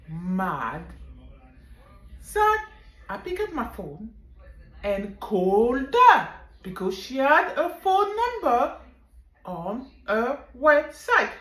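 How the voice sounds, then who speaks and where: A woman who runs an online business, telling her own story in a vlog with animated, emphatic delivery. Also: a little high, echoey room, poor audio.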